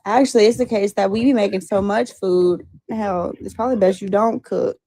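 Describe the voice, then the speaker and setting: Husky-edged woman teasing in casual chat. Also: medium pitch, fairly even intonation, normal speed, mellow, slight background noise, poor audio. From Alabama. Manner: teasing, calls people baby.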